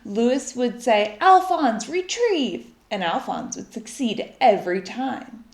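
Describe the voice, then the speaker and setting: A woman reading a children's story aloud in an expressive, lively way. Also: mid-range voice, unhurried. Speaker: storybook reader. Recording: echoey room.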